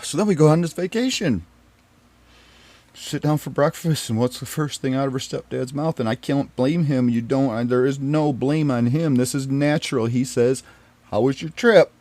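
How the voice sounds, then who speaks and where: A man's voice: medium pitch, moderate pace, dry recording. A man telling a painful personal story in an earnest, rambling way, restarting and repeating himself as he goes. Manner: earnest and pained, often dropping quiet. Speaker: storyteller recounting his marriage.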